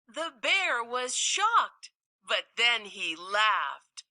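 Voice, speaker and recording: A woman reading a children's story aloud with slow, playful, expressive delivery. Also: mid-range voice, no room sound, clean studio sound.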